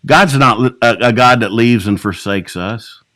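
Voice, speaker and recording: A man leading an evening Bible study as a pastor, preaching with passion, dropping to a hush and then climbing to emphatic peaks. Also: mid-range voice, a little slow, no echo. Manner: impassioned, swings between hushed and rising emphatic preaching. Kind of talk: sermon.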